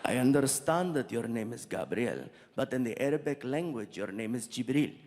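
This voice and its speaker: A man voicing a young prince who speaks slowly and formally, with gracious calm. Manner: slow, formal, deep and measured. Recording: reverberant venue, faint noise.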